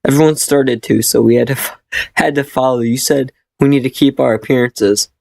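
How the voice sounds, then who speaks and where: A man reading the lines of a nervous young woman, in a halting, stumbling read. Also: mid-range voice, fairly even intonation, vocal fry, a little mellow, close to an everyday voice.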